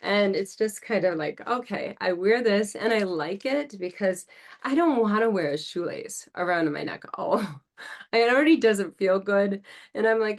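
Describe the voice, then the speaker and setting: A woman's voice: medium pitch, animated, unhurried. A woman speech-language pathologist hosting an instructional podcast, explaining techniques in an upbeat way and speaking directly to listeners.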